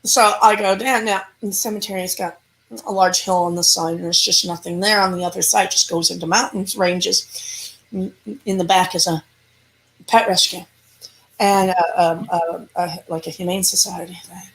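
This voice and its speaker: A woman's voice: fairly low pitch, moderate pace, slight background noise, poor audio. A woman who investigates the paranormal, telling a story in a casual interview and acting out the lines people said. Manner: animated storyteller who acts out quoted lines; casual, conversational, with restarts.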